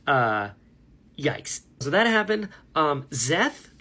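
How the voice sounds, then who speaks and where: A man's voice: fairly high pitch, very animated, takes it slowly, pushed and bright. A man talking casually to camera about a book he is reading, rambling and enthusiastic, laughing at himself. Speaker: book vlogger. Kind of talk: casual book reaction vlog.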